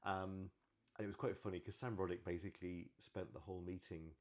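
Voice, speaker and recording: Man, low voice, relaxed podcast co-host who laughs easily. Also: brisk. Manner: chatty, laughs easily, many fillers. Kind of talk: casual design chat.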